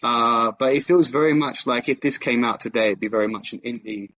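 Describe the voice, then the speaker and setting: A man talks films on a podcast in an easy, rambling way, with frequent ums and restarts. His voice sits in a middle pitch. The recording is dry and a bit muffled. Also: steady tone, a little fast, a bit bright, no room sound. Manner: chatty, thinks aloud with fillers and restarts. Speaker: podcast co-host. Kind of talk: casual film podcast chat.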